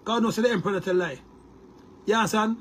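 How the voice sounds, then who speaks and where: A man's voice: high-pitched, fast talker, a little hiss or hum. A Jamaican man delivering a heated, boastful monologue to his viewers, repeating words and restarting often. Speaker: online commentator.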